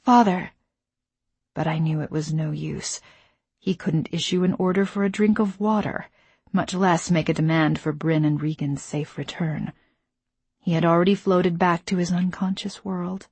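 A woman narrating a first-person novel in a measured voice, dropping to whispers in tense moments. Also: lowish voice, steady tone, darkish tone, husky, no echo. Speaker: audiobook narrator.

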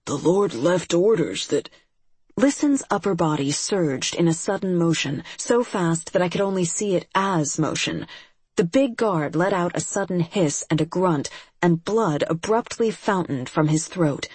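Audiobook narrator, first-person story, husky tone, dry close sound. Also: medium pitch, animated, a little mellow, dry recording. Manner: measured storytelling.

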